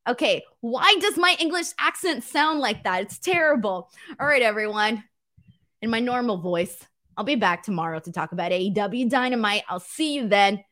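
Chatty Californian woman, slightly high voice. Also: expressive, moderate pace, bright, forceful tone. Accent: Californian, Valley girl. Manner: chatty, self-mocking, reads viewer chat aloud. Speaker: wrestling show host. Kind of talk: casual livestream commentary.

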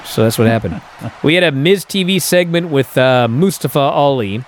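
Animated man recapping the show. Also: medium pitch, moderate pace, a little hiss or hum. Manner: animated, incredulous storytelling with many fillers. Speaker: podcast host.

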